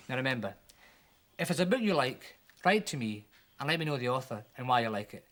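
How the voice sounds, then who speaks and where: Animated reader of a children's poem. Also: medium pitch, brisk. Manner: animated, with voices for the characters. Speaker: children's TV presenter. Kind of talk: reading a poem aloud for children.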